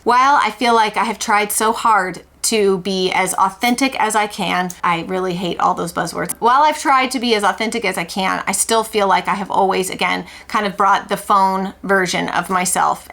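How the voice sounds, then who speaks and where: A woman's voice: medium pitch, gravelly, fairly bright tone. A woman, talking in a candid confessional vlog in an emphatic, outspoken and self-mocking way. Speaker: homeschool vlogger.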